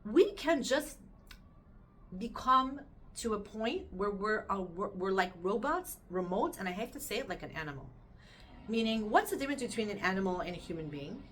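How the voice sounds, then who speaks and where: A middle-aged woman giving a talk on the weekly Torah portion, earnest and animated, asking her listeners questions and weaving in Hebrew terms. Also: mid-range voice, a little hiss or hum. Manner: speaks directly to listeners with questions. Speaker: Torah teacher.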